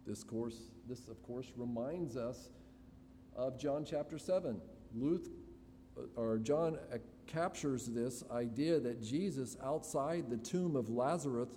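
A man preaching an expository sermon to his congregation, slow and deliberate with dramatic pauses. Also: medium pitch, warm tone. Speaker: pastor. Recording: reverberant hall, faint room noise.

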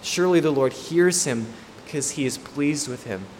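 A man's voice: fairly high pitch, normal speed, darkish tone. Male preacher, emphatic and repetitive, long hall reverb with faint room hiss. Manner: emphatic, repeats key points. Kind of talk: expository sermon.

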